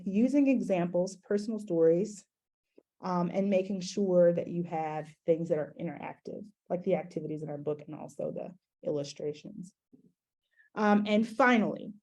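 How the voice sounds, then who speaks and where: A middle-aged woman presents to an audience as an educator, talking in a loose, conversational way. Her voice is warm and mellow and sits slightly low. She often pauses on fillers and restarts her sentences. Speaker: educator giving a talk. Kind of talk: conference talk presentation.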